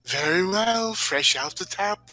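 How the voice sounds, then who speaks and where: A man's voice: sits high, lively intonation, unhurried, sharp tone, soft background music, pitched above the performer's own voice, exaggerated voice. A man voicing an eager, fussily courteous saloon bartender in a tabletop game.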